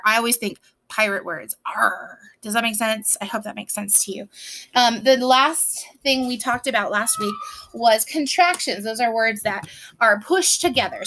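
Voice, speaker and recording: A woman reading teacher walks young learners through phonics with patient, step-by-step explanations. Her voice is bright and a little high. She keeps it lively with playful examples. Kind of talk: online phonics lesson for children.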